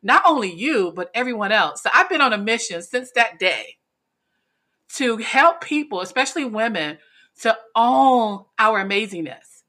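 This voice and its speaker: A middle-aged woman from North Carolina, a coach being interviewed, telling her story in a lively way with frequent laughter and acted-out quotes. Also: fairly high pitch, normal speed. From North Carolina, USA. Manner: animated, laughs often, acts out quoted lines. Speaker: podcast guest, speaker and coach.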